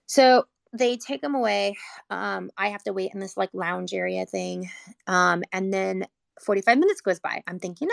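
A woman recounts a frightening family memory in a heavily creaky, gravelly voice. Her telling is earnest and rambling, thick with "like," and she is on the edge of tears. The sound is dry and close, with no room around it. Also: mid-range voice, moderate pace, no room sound. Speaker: mother telling her son's hospital story. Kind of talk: personal storytelling, casual.

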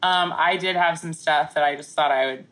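A woman co-hosting a podcast, her voice pitched slightly low but bright and forceful. She jokes constantly and laughs often in loose, casual conversation. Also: normal speed. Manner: jokey, laughs often, mock newscaster reading. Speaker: podcast co-host. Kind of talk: casual comedic chat.

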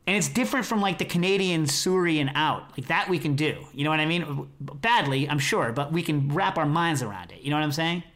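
An American man hosts a podcast in relaxed, rambling chat. His voice sits a little high, and he piles up fillers as he goes. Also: fairly quick, few pauses. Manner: rambling, chatty, lots of fillers. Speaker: podcast host. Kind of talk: casual chat.

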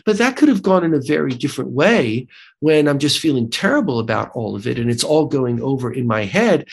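This American guest has a mid-range, husky voice with vocal fry and a brisk delivery. In a conversational interview he animatedly describes his book and clinic, thinking aloud, restarting, and asking "right?".

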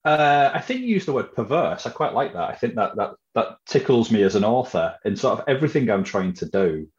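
Low male guest, chatty, recorded on a dull, roomy line. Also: very animated, fairly quick. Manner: chatty, with restarts and fillers. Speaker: author guest. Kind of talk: casual interview answer.

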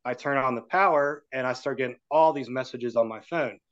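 A man's voice: mid-range voice, a little fast, highs cut off. A man, a podcast guest, telling a story in a casual way and acting out the voices of the people in it. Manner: animated, acts out the voices in his story.

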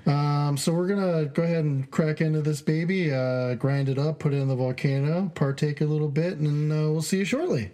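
A man's voice: fairly high pitch, fairly even intonation, a little fast, few pauses, dark tone. A man co-hosting a podcast in laid-back casual chat, with lots of fillers and frequent laughter. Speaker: podcast co-host.

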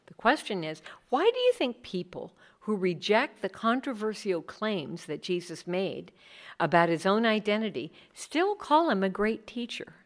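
A woman's voice: mid-range voice, big pitch swings, measured pace. A middle-aged woman speaking earnestly to a group about leading Bible studies, acting out the people she quotes. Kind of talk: talk with audience questions.

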